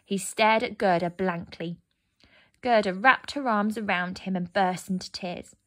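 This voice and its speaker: A woman narrating a fairy tale aloud, gentle and expressive. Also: mid-range voice, a little slow. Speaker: storyteller. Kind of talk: storybook narration.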